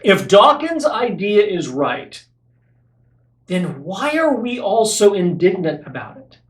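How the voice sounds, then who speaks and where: Earnest high-voiced man teaching in an echoey room. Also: sing-song, slow pace. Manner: earnest, explanatory, repeats key phrases for stress. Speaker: podcast host. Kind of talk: apologetics podcast teaching.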